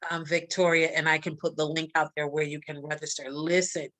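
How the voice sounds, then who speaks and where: A woman's voice: low voice, flat delivery, a little fast, fairly bright tone. A woman with a Barbadian accent talking on a live interview as a guest, speaking emphatically and repeating her key lines like a preacher. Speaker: guest, magazine publisher and coach.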